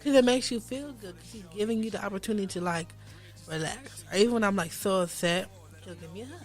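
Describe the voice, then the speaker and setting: A young adult woman, a podcast guest, telling stories in an outspoken, animated way in casual chat. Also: mid-range voice, fast talker, soft background music.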